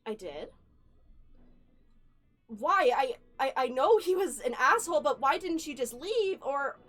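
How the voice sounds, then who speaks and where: A woman playing a frightened young ghost in a spooky tabletop tale. It stammers and pleads in a rushed, pitched-up voice. Faint music sits behind it. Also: lively intonation, a bit bright. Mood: panicked.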